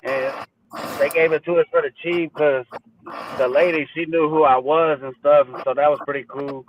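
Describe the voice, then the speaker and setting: A man's voice: fairly high pitch, fairly even intonation, normal speed, highs cut off, noisy background. A man from Texas, a rapper guest, talking casually in an easygoing way with street slang. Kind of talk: casual interview.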